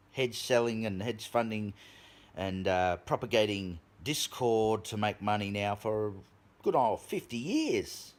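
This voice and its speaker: A man with an Australian accent, ranting profanely to camera in a vlog monologue. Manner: profane, animated, swings pitch up for emphasis. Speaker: vlogger.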